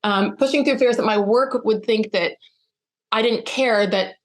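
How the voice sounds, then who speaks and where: A middle-aged woman speaking as a podcast guest, telling a personal story with lively, acted-out dialogue. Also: a little high, a little slow. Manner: animated, acts out quoted dialogue.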